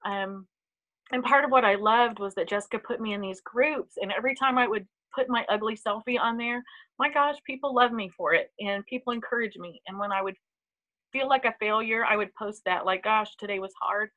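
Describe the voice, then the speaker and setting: A woman telling her personal story in a heartfelt, halting way, with many pauses and ums, on a live video. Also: mid-range voice, pushed and bright, highs cut off. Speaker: team member sharing a testimonial. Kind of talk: emotional personal testimony.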